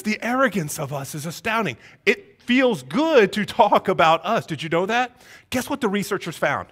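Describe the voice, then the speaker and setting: A man's voice: high-pitched, animated, moderate pace, a bit bright. A man pastor preaching a sermon, asking the congregation one rhetorical question after another. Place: church sanctuary.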